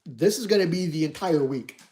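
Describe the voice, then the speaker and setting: A streamer narrating an interactive horror book for an online audience. The voice has a mellow, darker tone, and the reading is steady and even. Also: medium pitch, a little fast. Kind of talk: reading a story aloud on stream.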